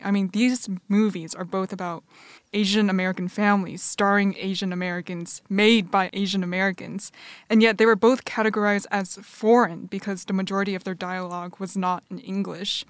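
A woman hosting an interview, asking measured, curious questions. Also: mid-range voice, smooth, no room sound. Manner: measured, inquisitive. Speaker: interview host.

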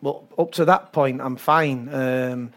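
A man's voice: mid-range voice, takes it slowly. An older man from England, a football coach, telling stories in an interview, laughing often and acting out the voices of others. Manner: animated storyteller, laughs often, acts out voices. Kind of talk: talk-show interview.

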